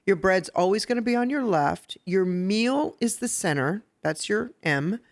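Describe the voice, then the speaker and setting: A woman hosting a podcast who teaches etiquette step by step, checking in with "okay?" and getting lively and laughing when she tells stories. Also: mid-range voice, unhurried. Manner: instructive, explains step by step with "okay?" and "right?". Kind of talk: casual podcast chat. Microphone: podcast microphone.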